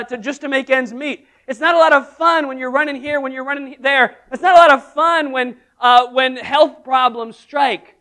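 A man preaching a sermon to a congregation, energetic and humorous, leading call-and-response. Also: extremely high pitch. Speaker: pastor. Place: church service.

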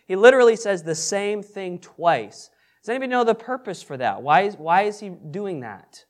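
High-voiced man leading a Bible study. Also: lively intonation, unhurried. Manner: asks the group questions and repeats their answers. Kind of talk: interactive Bible study teaching. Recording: echoey room with background noise.

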